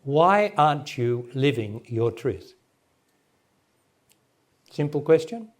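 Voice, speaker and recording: A man's voice: medium pitch, animated, slow pace. A man in his sixties, a spiritual teacher talking directly to a gathering and answering a question in plain words. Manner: direct, plain-spoken, laughs often. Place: meeting hall with audience. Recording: remastered 1998 talk recording.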